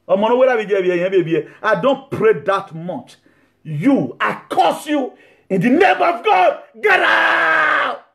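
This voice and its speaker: High-voiced preacher, animated. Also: male voice. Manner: animated, swings from laughing asides to shouted rebukes. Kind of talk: sermon.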